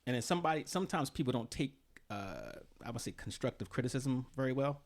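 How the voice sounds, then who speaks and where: A man's voice: mid-range voice, expressive, quick pace. A man hosting a podcast, chatting casually in a laid-back, teasing way and laughing easily. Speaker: podcast host.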